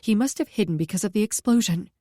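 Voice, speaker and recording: A woman reading a first-person story aloud at a steady pace, close to the mic. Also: mid-range voice, fast, dry recording. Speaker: audiobook narrator.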